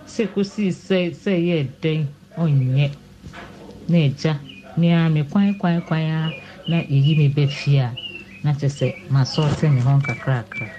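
A woman's voice: low voice, measured pace. A Ghanaian woman telling her personal story to an advice host, earnest and pleading. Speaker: caller sharing her story. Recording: muffled lo-fi recording with faint noise.

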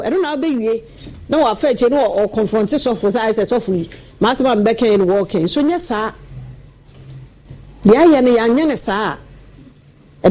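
A Ghanaian woman giving an animated radio talk, preaching to listeners and repeating her points for emphasis. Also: a little high, rough recording. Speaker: radio commentator.

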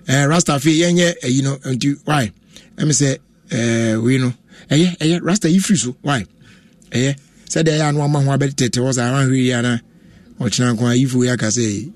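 A young Ghanaian man hosting a radio talk show, talking in an animated, casual way, switching languages and exclaiming often. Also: mid-range voice, no echo.

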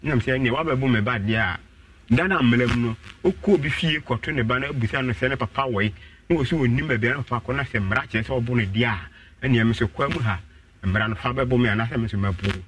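Man, radio caller, animated storytelling, quoted voices jump up high, sounds far from the mic. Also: quick pace, no echo. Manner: acts out quoted voices with sharp pitch jumps. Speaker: caller telling his story.

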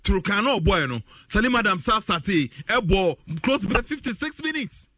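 A man with a Ghanaian accent giving animated sports talk, laughing often and repeating phrases for emphasis. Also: sits high, measured pace, dry recording, clean studio sound. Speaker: football commentator.

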